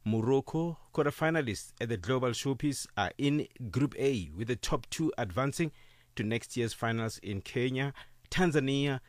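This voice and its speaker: A man presenting a scripted radio sports bulletin in a measured, formal delivery. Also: medium pitch, lively intonation, dry recording. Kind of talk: scripted news reading. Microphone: dry studio mic.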